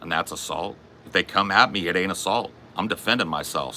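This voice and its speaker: A man's voice: low-pitched, a little fast, hardly any pauses, sharp tone, a little hiss or hum. A man hosting a comedy show, taunting and profanely ranting in an aggressive, confrontational way. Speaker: comedy podcast host. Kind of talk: aggressive comic rant.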